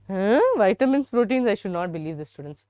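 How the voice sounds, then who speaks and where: A young woman with an Indian English accent runs a lively biology lesson, talking straight to her students and teasing them. Her voice sits in a middle register. She is recorded close and dry, with no room sound. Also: mid-range voice, dry recording, lo-fi sound. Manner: chatty, teasing, addresses students often. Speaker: teacher. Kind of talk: live online biology lesson.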